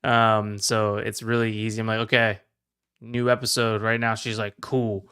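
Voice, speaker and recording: A podcast guest with a smooth voice on the low side talks at a moderate pace in a relaxed chat. He's passionate and gets excited the more he speaks.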